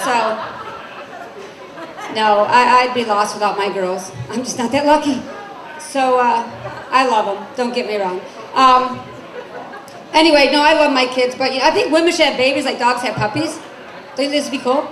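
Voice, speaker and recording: This forties-aged woman's stand-up set comes in a high, slightly bright voice at a fairly quick clip. Brassy and chatty, she questions the audience from a club stage as crowd laughter and room noise echo around her.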